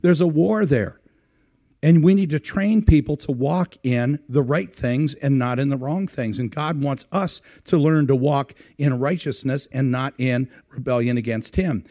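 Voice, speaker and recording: A pastor preaching in a conversational way. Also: male voice, a little high, mellow. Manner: conversational preaching with rhetorical questions to the congregation. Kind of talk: sermon.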